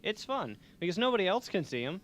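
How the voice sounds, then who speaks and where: A young man rambles through a college radio show, joking at his own expense as he goes. His voice sits a little high for a man. A faint hiss of background noise hangs under the studio mic. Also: sing-song, fast talker, a bit bright. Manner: joking, rambling, self-mocking. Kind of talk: rambling comedic radio chat.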